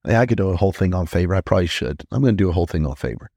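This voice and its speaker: Brief: male pastor-host, deep voice, emphatic repetition, dry booth sound. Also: expressive, vocal fry, mellow, breathy edge, no room sound. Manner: emphatic, repeats phrases for effect; frequent quick restarts and stammers. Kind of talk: conversational teaching podcast.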